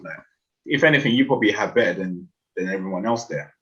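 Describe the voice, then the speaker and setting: Brief: deep, lively-pitched male co-host, relaxed football banter, muffled lo-fi line. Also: fast talker. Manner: laid-back, agreeable, laughs along. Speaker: podcast co-host, football fan. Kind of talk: casual football chat.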